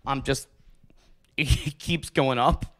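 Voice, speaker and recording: A man's voice: mid-range voice, very slow. A man hosting a podcast, telling crude stories in a rambling, profane, casual way. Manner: rambling, profane, animated storytelling. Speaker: podcast host.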